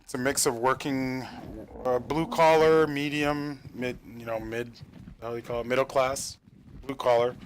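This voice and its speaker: A man's voice: medium pitch, fairly even intonation, normal speed, a little hiss or hum. A young man from Canada chatting casually while streaming a game as server admin, rambling with filler and casual swearing. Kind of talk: casual gameplay stream chat.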